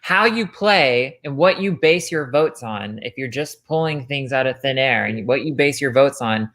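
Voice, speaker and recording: A woman's voice: rumbling low, expressive, moderate pace, hardly any pauses, fairly bright tone. A woman commentating in casual chat, emphatic and insistent, often breaking in to make her point. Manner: emphatic, insistent, cuts in with "listen" and "look". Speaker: podcast commentator.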